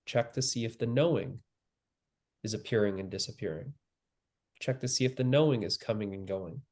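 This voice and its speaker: A man giving a spiritual teaching, speaking calmly and slowly with long pauses and repeated phrases. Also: lowish voice. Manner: calm, slow and repetitive, with long pauses. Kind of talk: slow guided spiritual teaching.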